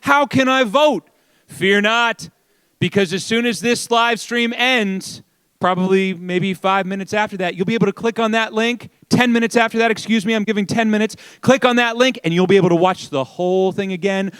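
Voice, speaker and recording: High, bright-voiced energetic man. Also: a little fast, smooth, dry recording. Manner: loud, energetic crowd warm-up. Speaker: event host. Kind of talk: hyping up a live audience. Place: large event hall with an audience.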